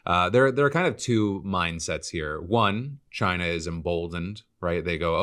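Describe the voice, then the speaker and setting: Low-voiced man thinking aloud. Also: a bit bright, clear, resonant tone. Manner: measured, thinking aloud with fillers. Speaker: podcast co-host. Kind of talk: casual news commentary.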